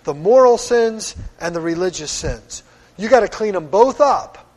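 A man's voice: high-pitched, expressive, a little slow, a little mellow. A middle-aged man from Pennsylvania preaching a sermon as pastor, earnest and firm in a conversational way. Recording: long hall reverb.

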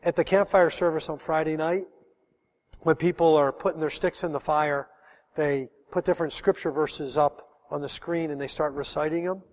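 A man's voice: a little high, steady tone, moderate pace, long reverb tail. A middle-aged man preaching a sermon as pastor, telling a personal story in an earnest, emotional way.

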